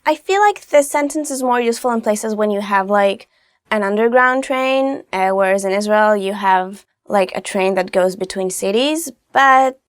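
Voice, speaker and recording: A young woman hosting a casual language lesson, chatty and upbeat, slowly modelling phrases. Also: mid-range voice, dry recording, studio quality. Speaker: language teacher host.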